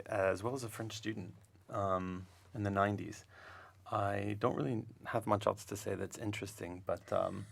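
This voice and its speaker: A man's voice: low voice, gravelly. A man talking in a studio interview, thoughtful and searching for words, with frequent restarts. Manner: thoughtful, many restarts and fillers. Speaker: language instructor. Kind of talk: casual interview talk.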